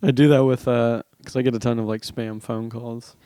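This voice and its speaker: A man's voice: mid-range voice, little pitch movement, normal speed, warm tone, clean tone. A man who is a comedian, telling stories animatedly in a casual podcast chat and laughing often. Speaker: comedian guest.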